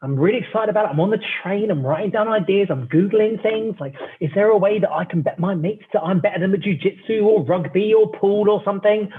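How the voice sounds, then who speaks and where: A man with a fairly high voice tells a story in a cheeky, animated way and swears freely. He comes through a thin, tinny remote line that sounds like a phone call. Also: fast talker, hardly any pauses, a little hiss or hum. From England. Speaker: startup founder, guest.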